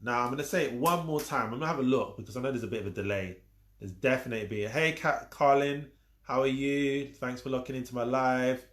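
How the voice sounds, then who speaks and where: At a quick pace and medium pitch, the live-stream coach teaches social media casually. He drives his points home by repeating them and pokes fun at his viewers, with an echoey room in the recording.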